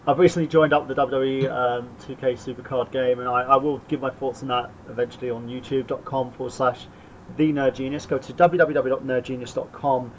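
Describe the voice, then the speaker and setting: A man's voice: medium pitch, steady tone, a little fast. Podcast host guy plugging his socials, lots of uhs and ums, kinda muffled audio. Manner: rambling, full of fillers. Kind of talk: casual podcast plugs. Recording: dull lo-fi audio with faint noise.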